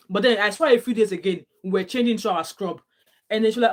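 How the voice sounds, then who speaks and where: A woman's voice: medium pitch, quick pace. A young adult woman from Nigeria with a Nigerian accent, chatting casually as a vlogger, telling stories and mixing in Pidgin phrases. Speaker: vlogger reading viewer comments. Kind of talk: casual chat.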